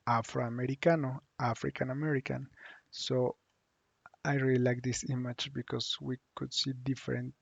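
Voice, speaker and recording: A man from Mexico, teaching a lesson online and saying the model phrases slowly so learners can repeat them. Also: mid-range voice, gravelly, slightly rough, dry recording, dull audio. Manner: slow, drawn-out model phrases for repeating aloud. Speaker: Spanish teacher.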